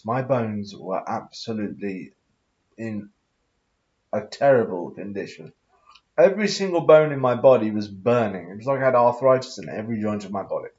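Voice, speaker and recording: A man's voice: fairly low pitch, a little mellow. A man rambling through a solo monologue in a put-on posh accent, reading verses aloud, adding loose comments and humming to himself. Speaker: vlogger. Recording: dull lo-fi recording.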